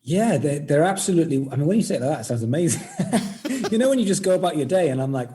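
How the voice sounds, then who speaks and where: Mellow-voiced Welsh man, modest guest. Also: a little high, sing-song, rapid-fire. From Wales. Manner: modest, laughs often, many restarts. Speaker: guest, music educator. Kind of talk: casual interview chat.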